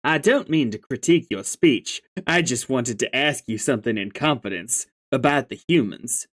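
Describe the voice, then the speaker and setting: A reader voicing a prim, formal young female troll who speaks in a measured, genteel way. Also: mid-range voice, lively intonation, voice pushed down, close to an everyday voice. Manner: measured, genteel, says "I do declare".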